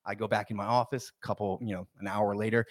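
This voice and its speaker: A young adult man, a podcast guest, telling a story in casual chat, animated and rambling, with restarts and acted-out quotes. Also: on the low side, fast talker, no echo, studio quality.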